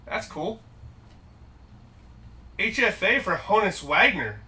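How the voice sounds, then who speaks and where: A man's voice: high-pitched, sing-song, takes it slowly, bright, forceful tone, distant mic. A man hosting a live-stream card break, upbeat and jokey as he rattles off the cards pulled.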